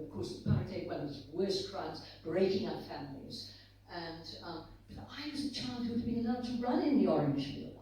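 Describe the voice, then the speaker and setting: An older woman from South Africa, speaking as a guest author on a conference stage. She reflects on the past and tells stories as she walks through pictures shown to the audience. Her voice carries loud reverb and sits well away from the mic. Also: mid-range voice, far from the mic, a little hiss or hum. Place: conference hall. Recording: very echoey hall, voice from off-mic.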